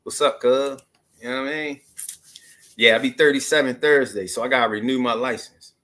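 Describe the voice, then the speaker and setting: A man's voice: mid-range voice, steady tone, a little fast, sharp tone. A man in his thirties from Maryland, telling a casual story to the camera in loose, slangy street talk full of asides. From Maryland, USA. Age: 30s. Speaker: vlogger.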